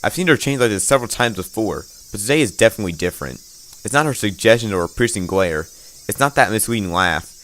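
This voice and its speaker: A man's voice: on the low side, animated, fast talker, a bit bright. A man narrating a let's play, reading the game's text dramatically with occasional stumbles and wry asides.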